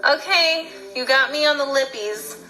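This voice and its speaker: A woman's voice: high-pitched, measured pace, sharp tone, faint music behind, poor audio. A young woman chatting casually through a makeup unboxing, bubbly and gushing about each product. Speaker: beauty vlogger.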